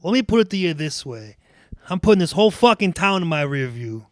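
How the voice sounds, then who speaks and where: A man's voice: sits high, sing-song, fairly quick, no echo, studio quality. A man reading the lines of a blunt, fed-up robber who wants out, in a fan reading of film dialogue. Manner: blunt, cursing.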